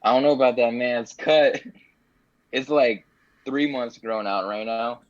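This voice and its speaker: A man as a podcast guest, talking in a relaxed, rambling casual chat full of fillers. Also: mid-range voice, slow, no room sound, dull audio.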